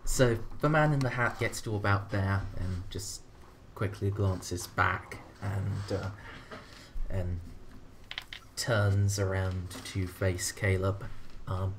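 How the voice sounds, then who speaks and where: A man acting as game master narrates a tabletop horror game, slow and halting, with plenty of ums. Keyboard typing and clicks carry clearly behind him. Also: sits low, steady tone, noisy background.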